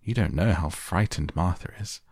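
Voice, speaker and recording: A man's voice: sits low, moderate pace, darkish tone, no room sound, studio quality. A man voicing a plain-spoken, curious young girl in a storybook reading. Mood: earnest.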